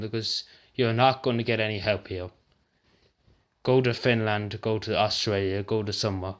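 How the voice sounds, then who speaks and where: A man's voice: fairly low pitch, fairly even intonation, normal speed. An Irish man vents straight into the camera, worked up and swearing, circling back to the same words again and again. He sounds upset, near to tears, his voice strained and raw as he talks. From Ireland. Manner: agitated, swearing, repeats himself. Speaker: vlogger. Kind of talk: angry rant to camera.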